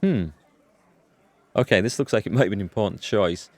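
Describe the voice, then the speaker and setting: Lively low-voiced man narrating gameplay. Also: moderate pace, no echo. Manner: chatty, thinks aloud, chuckles at the text. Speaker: let's play host. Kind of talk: casual gameplay commentary reading game dialogue aloud.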